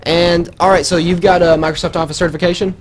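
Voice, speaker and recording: A young man with a slight Southern US accent hosting a casual school radio show, animated and laughing, with high excited bursts. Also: fast. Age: teens to young adult. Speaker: student radio host.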